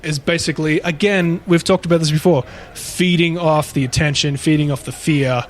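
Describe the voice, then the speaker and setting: A man's voice: on the high side, steady tone, moderate pace. A man co-hosting a podcast, casually retelling a paranormal story in a rambling way, with frequent swearing. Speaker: podcast co-host.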